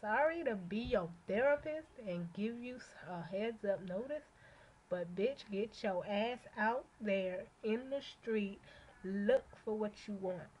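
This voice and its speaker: A woman's voice: mid-range voice, animated, unhurried, darkish tone, husky, muffled recording. A young woman in a casual rambling vlog monologue, talking bluntly and cursing freely as she rants. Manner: blunt, profane, ranting. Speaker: vlogger.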